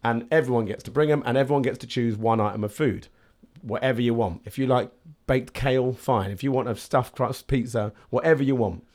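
Man telling lively stories. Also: medium pitch, fairly quick. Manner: animated storyteller who acts out little voices. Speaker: podcast guest. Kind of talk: casual podcast conversation.

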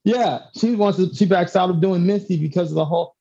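A man's voice: high-pitched, fairly quick, few pauses, dark tone, slightly rough, low-quality recording. A man hosting a podcast, chatting playfully and reading listener letters aloud. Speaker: podcast host. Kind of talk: casual podcast chat.

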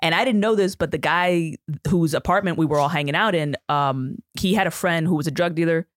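A woman's voice: low voice, fairly quick, no echo, studio quality. A woman on a casual podcast, an outspoken storyteller who swears freely.

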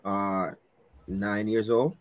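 Man, from Jamaica, cohost, casual chat, animated storyteller, dry close sound. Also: on the low side, drawn-out words, no room sound. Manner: animated storyteller, laughs often.

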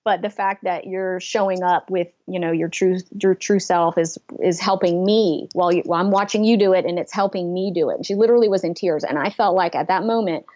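A woman's voice: fairly low pitch, steady tone, brisk, few pauses, mellow, muffled recording. A woman, a business coach telling a personal story in an interview, earnestly.

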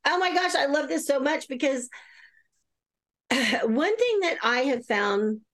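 Excited chatty woman on a podcast, slightly high voice, does energy work. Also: slow. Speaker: guest, energy healer. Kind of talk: casual interview conversation.

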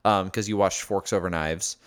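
A man's voice: deep voice, steady tone, normal speed, clean tone. A man co-hosting a casual podcast, reading out journal entries and teasing his friend with dry jokes. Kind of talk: casual chat.

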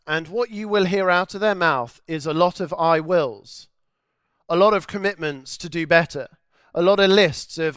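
A man's voice: on the high side, normal speed, a bit bright, smooth, dry recording, clean studio sound. A man preaching a sermon with earnest, emphatic repetition.

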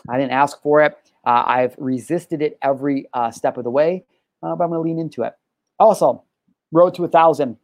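A man hosting his own live-streamed talk show, talking in an energetic, rambling, upbeat way with loud whoops. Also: a little high, brisk, no echo. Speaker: show host.

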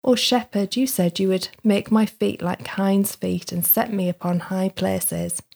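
A woman's voice: medium pitch, fairly even intonation, measured pace, gravelly, darkish tone. A woman voicing a timid, frightened young woman pilgrim, with a pleading, trembling manner, while reading a book passage aloud. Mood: fearful pleading.

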